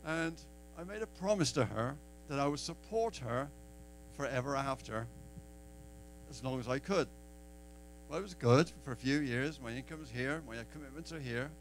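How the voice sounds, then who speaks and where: A man's voice: medium pitch, animated, normal speed, rough recording. An Englishman tells a personal testimony into a handheld mic at a church gathering. His voice sits in a middle range and has a faint hiss behind it. He acts out the dialogue in his story as he goes. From England. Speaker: church member giving testimony. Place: church deck at an open-mic event.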